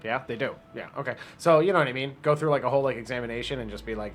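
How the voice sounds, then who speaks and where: A man's voice: mid-range voice, very fast, few pauses, soft background music. A man playing his character in a tabletop game, rambling with many fillers and frequent laughs. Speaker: player. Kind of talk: in-character tabletop role-play.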